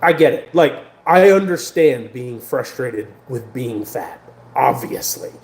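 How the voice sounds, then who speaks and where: A man's voice: mid-range voice, takes it slowly. American guy rambling into the camera, lots of likes and restarts, roomy echo. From United States. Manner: rambling, animated, many fillers and restarts. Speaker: vlogger. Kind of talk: casual vlog monologue.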